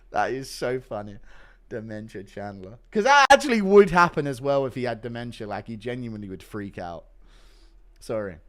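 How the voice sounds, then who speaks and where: A man's voice: mid-range voice, normal speed. A man hosting a casual livestream, reading donations, laughing and swearing freely. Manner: profane, laughing, animated. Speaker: livestream host.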